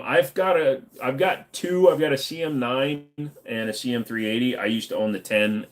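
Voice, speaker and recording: A man hosting a casual livestream, reading chat aloud and answering in a blunt, profane, ranting way. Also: mid-range voice.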